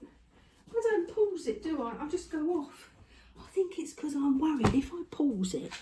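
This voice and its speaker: A woman's voice: a little high, normal speed, mellow, slight background noise. An older woman, chatting casually on her craft vlog, a little out of breath, rambling with lots of tag questions. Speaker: craft vlogger. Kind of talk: casual chat to camera. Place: home room.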